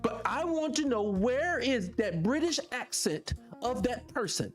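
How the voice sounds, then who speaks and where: Animated high-voiced man ranting. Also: a little slow, soft background music. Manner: animated, rhetorical questions, profane. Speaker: podcast host. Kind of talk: casual monologue to viewers.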